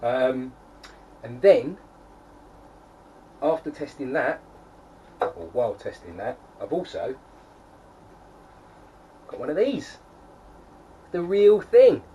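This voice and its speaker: A man's voice: medium pitch, sing-song, slow pace, pauses often, dark tone. Chatty man, set back from the mic. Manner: rambling, lots of fillers and restarts, chatty. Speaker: homebrewing vlogger. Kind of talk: casual chat to camera. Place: home, beside his kegerator. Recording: distant mic, faint background noise.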